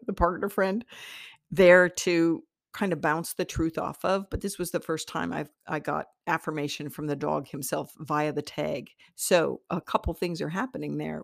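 A woman's voice: sits low, vocal fry, no echo, studio quality. A woman hosting a podcast in a chatty, rambling monologue, laughing often and talking straight to the listener. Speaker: podcast host, psychic teacher. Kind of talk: casual monologue.

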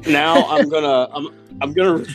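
A man's voice: fairly high pitch, soft background music. A man playing a tabletop role-playing game, speaking hesitantly with restarts as he plans his turn. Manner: hesitant, halting. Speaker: player. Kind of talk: casual tabletop game play.

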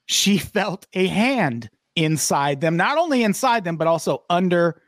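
A man's voice: sits high, lively intonation, unhurried, no room sound, studio quality. A man hosting a podcast, telling news stories in a profane, sarcastic way. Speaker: podcast host. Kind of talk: casual podcast banter.

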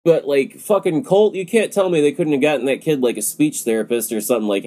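Young male co-host, a touch high-pitched, crude and sarcastic in casual chat. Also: quick pace, few pauses, mellow. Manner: crude, sarcastic, mocks voices in high squeaks. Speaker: podcast co-host. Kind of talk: crude casual movie riffing.

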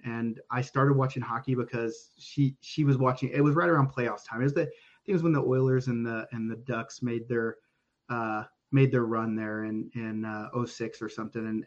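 A man's voice: mid-range voice, fairly even intonation, fairly quick. Podcast guest, man from Oklahoma, chatty and rambling, recorded on a dull lo-fi mic. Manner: rambling, frequent restarts, swears casually. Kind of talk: casual storytelling.

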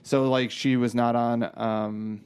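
A man's voice: medium pitch, flat delivery, takes it slowly, a little mellow, clear, resonant tone. A man in his thirties casually telling a story, acting out voices, swearing and using many fillers. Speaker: podcast guest telling a story. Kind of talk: casual chat.

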